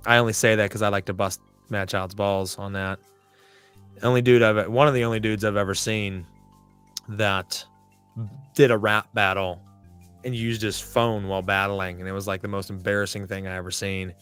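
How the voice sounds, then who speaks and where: A man's voice: fairly low pitch, little pitch movement, normal speed, fairly bright tone, clear, resonant tone, faint music behind. A man hosting a podcast in casual live-stream chat, talking in a blunt, rambling, profane way. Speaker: podcast host.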